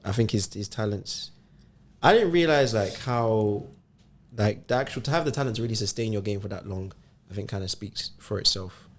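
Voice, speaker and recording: A man co-hosting a casual sports podcast, his voice sitting fairly low. He talks in an easygoing way and thinks aloud, pausing often as he builds his point. He sounds relaxed rather than rushed. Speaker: podcast co-host.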